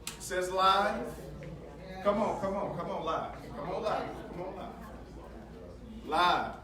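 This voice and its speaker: A high-pitched male speaker fires up a large audience with a preacher's cadence, calling out lines for the crowd to shout back. He sounds distant and echoey, as if caught from across a big hall, with the murmur and cheers of the crowd all around. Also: slow pace. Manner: energetic, preacher-like, joking with the crowd. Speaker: motivational speaker at a sales training. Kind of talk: hyped stage talk with call-and-response.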